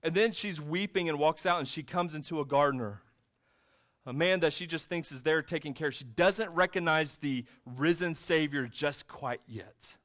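A pastor delivers a sermon with a notably high-pitched voice. He is a man retelling the scene in loose, conversational storytelling, speaking to a church congregation. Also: normal speed, a bit bright. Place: church sanctuary with a screen.

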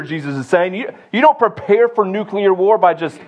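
Young adult male pastor, fairly high voice, sermon delivery swinging from booming rally cries to hushed asides. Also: expressive, normal speed, hardly any pauses, muffled recording. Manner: builds to loud rallying shouts, then drops low and intimate.

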